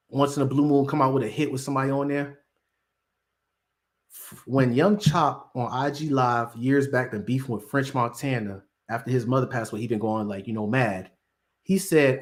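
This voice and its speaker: A man at an ordinary middle pitch talks through celebrity gossip in loose, slangy commentary. He rambles, restarts and acts out what others said. The tone stays casual and conversational. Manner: slangy, rambling storyteller who acts out quotes. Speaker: commentary host.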